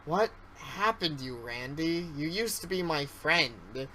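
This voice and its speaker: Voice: mid-range voice, lively intonation, measured pace, sharp tone, slight background noise, low-quality recording. A streamer voicing a desperate teen hero. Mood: earnest. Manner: pleading and desperate. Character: frightened teenage boy, the hero. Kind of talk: reading game dialogue aloud.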